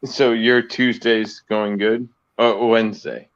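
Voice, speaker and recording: A man from the US East Coast, near Boston, joining a live stream as a guest, talking in chatty, halting bursts full of restarts. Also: lowish voice, little pitch movement, dull audio. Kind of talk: casual live-stream chat.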